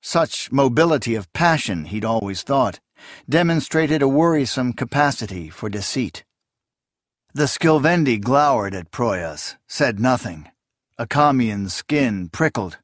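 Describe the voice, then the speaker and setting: A man reading fantasy fiction aloud as a narrator, in a measured, even storytelling manner. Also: mid-range voice, no echo, studio quality. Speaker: audiobook narrator.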